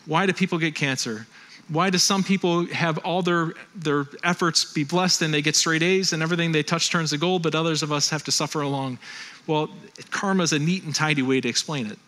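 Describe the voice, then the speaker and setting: Male pastor, animated sermon delivery, bright tone, slightly high voice. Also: brisk. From Western New York. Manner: animated, quotes voices, conversational preaching.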